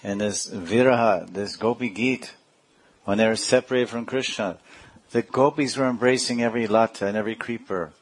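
A middle-aged man delivers a devotional lecture, his voice sitting a little low. He recites verses in Sanskrit, then unpacks them word by word with chuckles along the way. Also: moderate pace, breathy edge. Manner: chanting Sanskrit verses and explaining them with laughs. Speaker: spiritual teacher.

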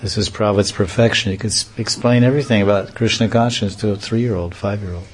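Guy with a lowish voice preaching, joking around and laughing between points. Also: fairly even intonation, fast talker, a little hiss or hum. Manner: humorous, chuckling storyteller. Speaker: devotional preacher. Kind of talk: lecture with acted anecdotes.

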